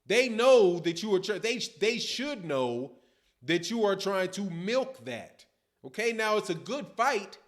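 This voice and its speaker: A man hosting a boxing channel live stream, reading viewer comments and answering them in casual, animated talk. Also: high-pitched, a little slow. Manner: animated, addresses viewers, reads comments aloud.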